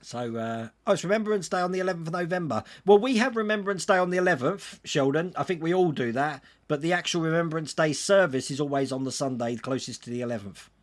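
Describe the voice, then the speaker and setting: A man's voice: fairly high pitch, lively intonation, fast, few pauses. A man hosting a casual livestream, reading out viewer comments and answering them in a chatty way. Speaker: livestream host answering chat.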